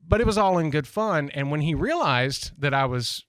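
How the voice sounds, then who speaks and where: A man's voice: on the high side, animated, normal speed, a bit bright, dry recording. Southern man rambling on the radio. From Tennessee, US. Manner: rambling storyteller, frequent restarts and "you know". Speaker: radio host. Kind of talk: casual monologue.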